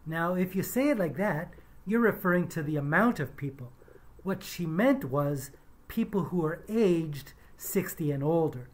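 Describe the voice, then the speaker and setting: A woman who has taught English, talking through pronunciation mistakes in a measured, deliberate way with many hesitant fillers. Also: fairly low pitch, animated, darkish tone. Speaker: English teacher reviewing pronunciation. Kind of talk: casual spoken commentary.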